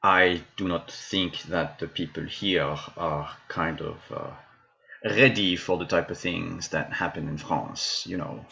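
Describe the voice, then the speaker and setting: A deep-voiced man speaks slowly as he plays a character at a tabletop game. He pauses often and talks hesitantly. His microphone sounds slightly dull and lo-fi. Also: gravelly, bright, forceful tone. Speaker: player. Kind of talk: in-character tabletop role-play.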